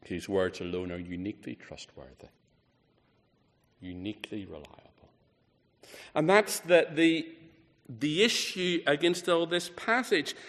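A man preaching a sermon, emphatic, rising on key words and falling low and quiet at the ends of phrases. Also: expressive, a little slow, pauses often. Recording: reverberant hall.

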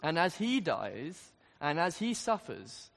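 An earnest male preacher with a high, lively voice that swings up and down as he presses his questions. His words ring out with a long reverb, as if from a large hall. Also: takes it slowly, vocal fry. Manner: earnest, rising to emphatic questions. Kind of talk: sermon.

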